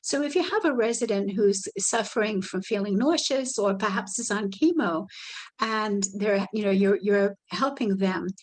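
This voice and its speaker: A woman presenting a live online workshop, speaking gently and soothingly and guiding her listeners through calm imagery. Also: medium pitch, moderate pace, poor audio. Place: indoors, video call.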